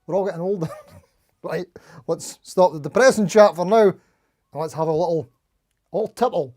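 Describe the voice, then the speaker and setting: A man's voice: high voice, normal speed, warm tone. A man hosting a casual live stream, chatting and greeting viewers one by one. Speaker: livestream host.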